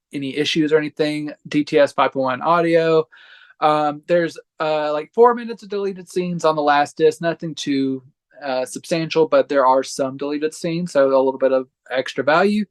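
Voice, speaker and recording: Male podcast co-host, somewhat high pitch; casual, eager recommender, hedges with fillers. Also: clean tone. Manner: enthusiastic, hedging with fillers. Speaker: podcast co-host reviewing disc releases. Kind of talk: casual chat.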